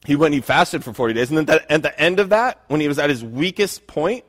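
A man delivering a sermon with earnest, conversational warmth, often circling back and restarting his phrases. His voice sits a little high and carries a long reverb of a church hall around it. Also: animated, fairly quick. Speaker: pastor.

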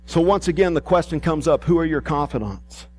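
Male pastor, lively pulpit delivery, voice a touch high. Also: a little fast. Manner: animated preaching, rising emphatic and dropping soft. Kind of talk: sermon.

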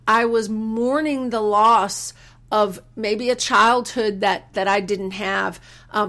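A woman's voice: a little high, a bit bright. Earnest woman preaching on a podcast. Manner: earnest, preacherly, quotes scripture with slow emphasis; halting restarts when moved. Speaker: podcast host. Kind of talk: faith-based personal reflection.

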